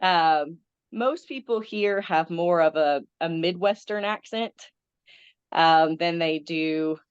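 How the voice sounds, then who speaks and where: A woman's voice: fairly low pitch, slow pace, clear, resonant tone, no room sound, dull audio. A woman in her thirties with a Southern American accent, chatting as a veterinarian guest with many ums. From Southern United States. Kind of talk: casual interview.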